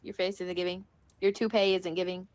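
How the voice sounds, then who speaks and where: A woman's voice: on the low side, level tone, a little fast, crowd noise. A woman bickering sassily and dramatically in a game voice-chat roleplay.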